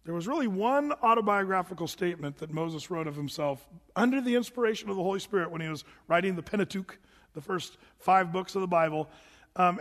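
High-voiced pastor in a reverberant hall. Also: male voice. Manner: conversational, animated, with asides and chuckles. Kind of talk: sermon.

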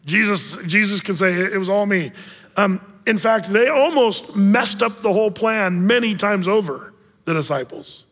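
Animated, high-voiced male pastor preaching. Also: normal speed, in a large hall. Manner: animated, jokey storytelling with acted-out voices. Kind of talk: sermon.

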